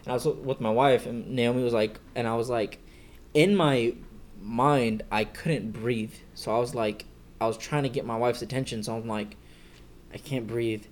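A man's voice: medium pitch, steady tone, moderate pace. A young man co-hosting a casual podcast chat, telling stories with lots of laughter and swearing. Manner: laughing storyteller, swears freely. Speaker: podcast co-host. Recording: faint background noise.

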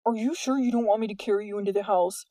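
A woman's voice: medium pitch, quick pace, dark tone, no room sound, natural voice. A woman reading the part of an earnest, worried teenage boy in an audiobook, with urgent, anxious questions. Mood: gentle.

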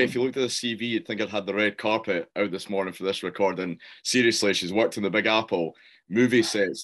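A man's voice: lowish voice, fairly bright tone. A Scottish man hosting a podcast, welcoming his guest with jokey, teasing banter. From Scotland. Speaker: podcast host. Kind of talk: casual podcast chat.

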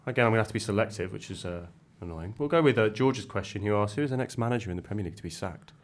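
Male podcast host, low voice, fast delivery, loose rambling chat. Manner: rambling, restarts, reads listener questions. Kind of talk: casual football podcast chat.

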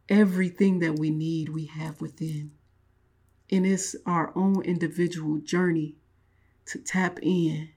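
A spiritual speaker with a lowish, mellow, husky voice gives a reflective motivational talk, often repeating and restating her words.

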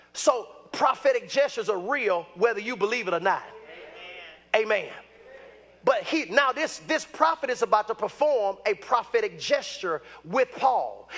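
Fervent high-voiced preacher man. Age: 50s. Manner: fervent, bursts into shouts, repeats lines for emphasis. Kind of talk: sermon.

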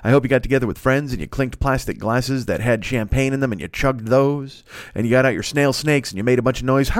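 A man's voice: medium pitch, no echo, clean studio sound. A man around forty hosting a solo podcast, rambling through self-mocking jokes and profanity while alone at his microphone. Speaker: podcast host. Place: alone indoors at night. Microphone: studio microphone.

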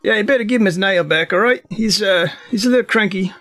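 A man's voice: sits high, quick pace, sharp tone, pitched above the performer's own voice. A man voicing a male show host who speaks in an offhand, dismissive way.

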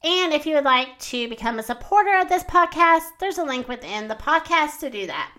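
Woman storyteller for kids: high, lively voice, gentle and slow reading. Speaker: children's storytime podcast host. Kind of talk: reading a picture book aloud.

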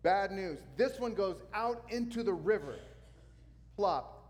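A male pastor preaching a sermon, telling a story with lively sound effects. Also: high voice, moderate pace, in a large hall.

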